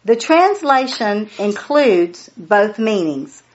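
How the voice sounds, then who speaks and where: A woman's voice: mid-range voice, sing-song, slow, highs cut off. A woman leading a Bible study, reading scripture aloud, explaining it and repeating key phrases for emphasis.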